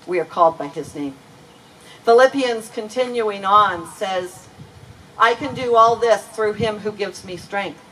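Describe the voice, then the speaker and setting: A woman's voice: mid-range voice, fairly bright tone. A woman pastor preaching a sermon in a church, earnest and emphatic, leaning on key words. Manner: earnest, emphatic preaching with slow deliberate stresses. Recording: voice from a distance with faint ambient noise.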